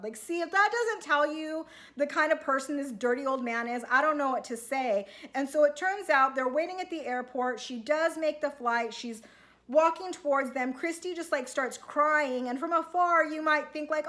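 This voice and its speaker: A woman's voice: sits high, fairly quick, fairly bright tone. A woman recapping a reality show for her viewers in a chatty, self-questioning way, often acting out what people on the show say. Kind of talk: casual recap monologue to viewers.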